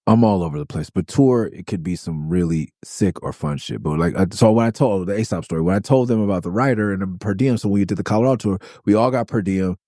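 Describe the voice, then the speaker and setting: A man's voice: on the low side, quick pace, few pauses, no room sound, clean studio sound. A man hosting a podcast, telling tour stories casually with lots of swearing and acted-out quotes. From Los Angeles. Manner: animated, swearing, acts out quotes with raised voice. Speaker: podcast host. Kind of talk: casual storytelling.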